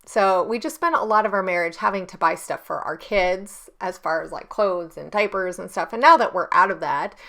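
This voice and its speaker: Woman, 30s, bright voice, chatty rambling scrapbook vlogger, home desk, camera on a stand. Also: lowish voice, moderate pace, few pauses. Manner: chatty, rambling, with frequent ums and self-corrections. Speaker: scrapbooking YouTuber. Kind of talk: casual crafting tutorial. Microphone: camera on a stand on her desk.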